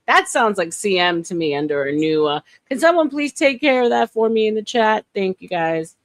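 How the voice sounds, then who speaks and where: A woman's voice: mid-range voice, very animated, moderate pace, hardly any pauses, dry recording. A woman in her forties from New York hosting a casual live chat, talking in a chatty way with many restarts. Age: 40s. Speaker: livestream host. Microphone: phone.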